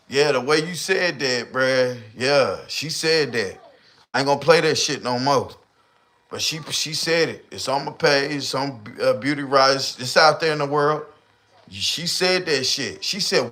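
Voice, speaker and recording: A man's voice: a little high, measured pace. A man hosting a livestream, ranting casually in heavy slang and profanity and acting out the people he talks about. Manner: profane, slangy, animated storyteller who acts out voices. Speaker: livestream host.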